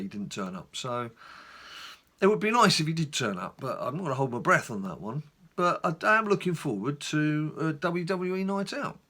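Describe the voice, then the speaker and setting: A middle-aged man from England, chatting casually in a rambling, animated way on his gaming vlog. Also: medium pitch. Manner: animated storyteller, rambling asides. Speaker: gaming YouTuber.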